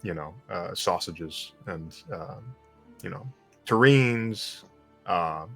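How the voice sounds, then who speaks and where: Low-voiced joking male game master. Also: animated, slow, creaky, husky, soft background music. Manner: casual, joking, swears freely. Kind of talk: live-streamed tabletop game.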